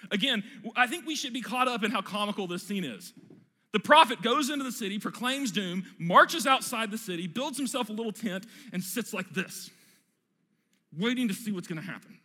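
Man, pastor, sermon, emphatic storyteller, high voice, long hall reverb. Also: expressive, brisk, pushed and bright.

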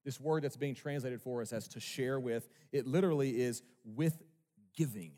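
A man's voice: medium pitch, normal speed, warm tone. A male pastor preaching a sermon with emphasis, asking his congregation rhetorical questions. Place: church sanctuary. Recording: long reverb of a large hall.

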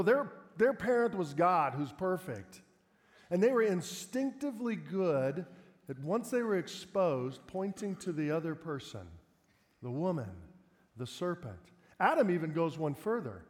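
Man preaching in a reverberant hall. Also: high-pitched. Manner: conversational preaching with rhetorical questions. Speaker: pastor. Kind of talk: sermon.

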